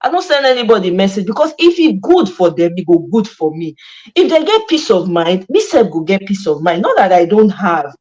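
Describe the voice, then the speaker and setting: A woman's voice: mid-range voice, sing-song, fairly quick, darkish tone, muffled recording. A Nigerian woman hosting a casual chat, passionate and emphatic, mixing Pidgin and English. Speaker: host.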